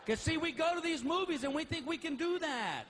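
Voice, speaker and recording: Middle-aged male stand-up, high and lively delivery, live stage recording with noise. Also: a little fast. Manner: animated, acts out voices. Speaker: stand-up comedian. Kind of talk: stand-up comedy routine. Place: live venue with audience.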